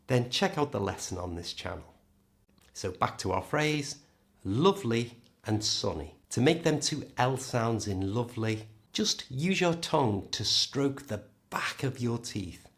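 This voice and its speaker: A man with a British accent teaching a pronunciation lesson, modelling each word slowly and clearly. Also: medium pitch. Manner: slow, clear, modelling words for the learner. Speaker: English teacher.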